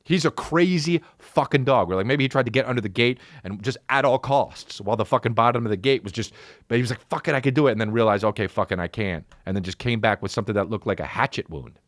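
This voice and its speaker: In this comedic storytelling bit, a podcast host curses freely and performs voices for every character, dog included. He speaks quickly at medium pitch, captured in clean studio sound with no room noise.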